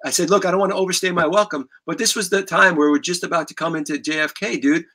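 Bright-voiced New man telling stories. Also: a little high, fast talker. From New York. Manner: animated, profane, rambling with restarts. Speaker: guest musician. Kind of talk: casual storytelling.

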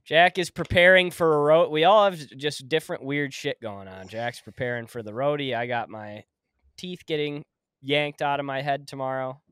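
A young man co-hosting a podcast in casual chat, relaxed and joking, swearing now and then. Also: medium pitch, moderate pace, clean tone, dry recording, studio quality. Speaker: podcast co-host.

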